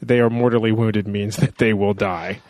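A man's voice: fairly low pitch, steady tone, moderate pace, a little mellow, no echo. A man hosting a casual podcast, joking and talking with many fillers. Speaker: podcast host.

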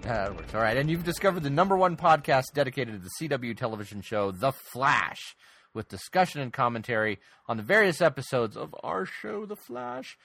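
A man's voice: medium pitch, expressive, brisk, vocal fry, a bit bright, no room sound. A man hosting a podcast in casual chat, playful and rambling, often restarting his sentences. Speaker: podcast host.

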